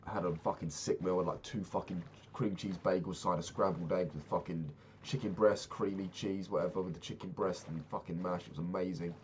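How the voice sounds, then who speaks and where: Young guy with a really low voice rambling about his trip, lots of swearing, bit of hiss behind. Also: a little fast. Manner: profane, rambling, animated retelling. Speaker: vlogger. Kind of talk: casual travel storytelling.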